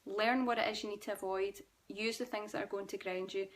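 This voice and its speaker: A woman's voice: medium pitch, fairly even intonation, fairly quick, a little hiss or hum. A young Scottish woman hosting a live stream, reading viewer comments and answering them in a chatty, reassuring way. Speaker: host.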